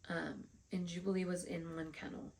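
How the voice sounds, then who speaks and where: A woman's voice: lowish voice, level tone, moderate pace, vocal fry, darkish tone. A woman vlogger telling a story casually, frustrated and swearing often, acting out the dialogue she quotes.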